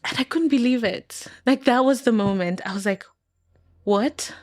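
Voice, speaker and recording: A woman's voice: on the high side, brisk, darkish tone, dry recording, studio quality. Candid woman telling a personal story. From Kenya. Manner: candid and emotional, laughs often, acts out quoted voices. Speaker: podcast guest.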